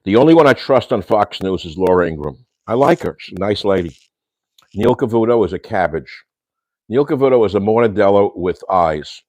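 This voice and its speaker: Gruff, very deep-voiced older man ranting. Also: darkish tone, dry recording, muffled recording. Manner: ranting, insulting, Yiddish slang. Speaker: host. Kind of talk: casual livestream monologue. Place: home kitchen.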